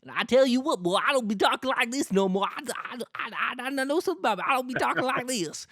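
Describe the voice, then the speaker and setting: A man putting on an exaggerated drawling Southern man, folksy and loud, in a podcast chat. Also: extremely high pitch, lively intonation, fast talker, vocal fry, no room sound, studio quality, voice pushed up, full character voice. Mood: mock folksy.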